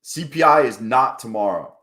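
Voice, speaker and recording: A man's voice: medium pitch, animated, moderate pace, sharp tone. Loose, profane man chatting on a stream. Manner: loose, profane, joking banter with chat. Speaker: livestream trading host. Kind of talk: casual live-stream chat.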